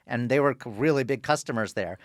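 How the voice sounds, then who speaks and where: A man chatting as a podcast guest, telling family stories in a quick, offhand way. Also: mid-range voice, no echo, clean studio sound. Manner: fast, chatty storytelling. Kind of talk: casual chat.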